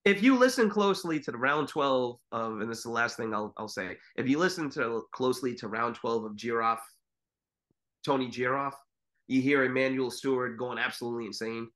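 Bright sounding guy rambling on a podcast, swears a lot. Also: medium pitch, brisk. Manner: rambling, swears, mimics commentators. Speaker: podcast co-host. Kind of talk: casual chat.

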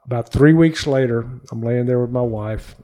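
A man's voice: medium pitch, moderate pace, mellow. A man from Texas, an interview guest and former pro baseball player, telling a personal faith story in an earnest, emotional way. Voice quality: gravelly, husky. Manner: earnest, emotional, acts out quoted voices. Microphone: studio mic.

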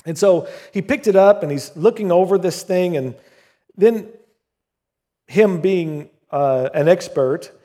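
A man's voice: high voice, slow, mellow. A pastor from southern Oklahoma who prays and then preaches a sermon to his congregation, telling stories and singing bits of a hymn. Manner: prayerful, then storytelling with sung hymn lines. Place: church building with congregation. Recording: long hall reverb.

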